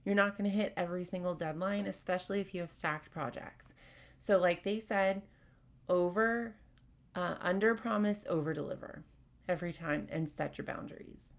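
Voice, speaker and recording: A woman's voice: lowish voice, normal speed, vocal fry. A woman hosting a podcast, giving frank, casual workplace advice with plenty of fillers. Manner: frank, conversational, with many fillers. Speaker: podcast host.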